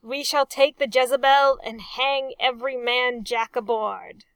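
A woman's voice: on the high side, fairly even intonation, measured pace, a bit bright, clean tone, no room sound. Woman doing an eager, fawning first lieutenant. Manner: hasty and deferential. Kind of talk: audiobook character voice.

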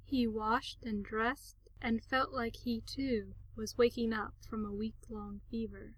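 Slow, soft-spoken woman narrating a story. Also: fairly high pitch, little pitch movement, rough recording.

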